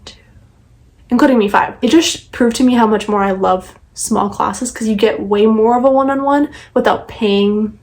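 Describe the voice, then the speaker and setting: A woman's voice: on the high side, moderate pace, a little mellow, rough recording. A young woman vlogging casually, chatty and upbeat with lots of fillers. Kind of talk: casual vlog.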